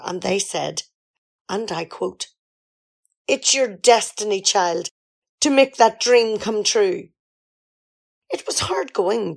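A woman's voice: mid-range voice, vocal fry, exaggerated voice. A woman in an amateur radio comedy sketch, playing a grand diva singer who talks in a theatrical, self-important way.

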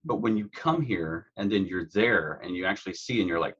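A man's voice: sits low, fairly quick, hardly any pauses, a bit bright, husky. A man speaking as an interview guest about his true crime work, earnest and heartfelt, on dull lo-fi audio. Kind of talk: conversational interview.

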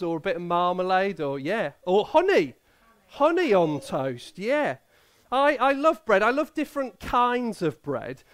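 Chatty high-voiced preacher. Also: male voice, fairly bright tone. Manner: chatty and playful, quizzing the children and the congregation. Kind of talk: Bible reading and children's talk in a church service.

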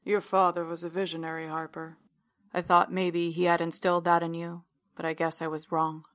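A woman voicing a big older man, a brooding cult believer holding someone captive, in a low, quiet, confiding voice. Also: little pitch movement, normal speed, no echo, clean studio sound, lightly acted.

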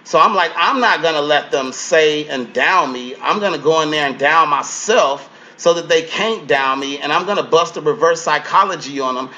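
High, bright-voiced man telling wild stories. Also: normal speed, hardly any pauses, muffled recording. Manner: profane, acts out quotes in changing voices. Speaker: comedian guest. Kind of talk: animated storytelling.

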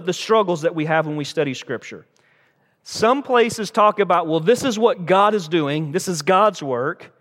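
A man's voice: fairly high pitch, big-room sound. A man preaching a sermon as pastor, speaking conversationally and posing rhetorical questions to the congregation.

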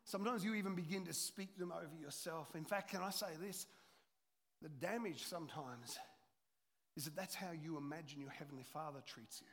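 A middle-aged man preaching a sermon as a pastor, swinging between loud urgency and hushed, intimate storytelling. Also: a little high, normal speed, a little hiss or hum. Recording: long hall reverb.

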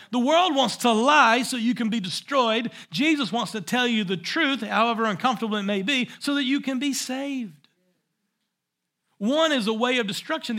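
A man preaching a sermon in a high, bright voice that carries an edge of intensity. He leans hard on his points and circles back to repeat the key phrases so they land. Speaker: pastor.

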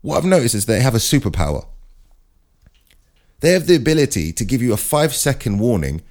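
A man hosting his own show, telling rambling comic stories in an animated way. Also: mid-range voice, fairly quick. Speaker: podcast host. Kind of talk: comic monologue.

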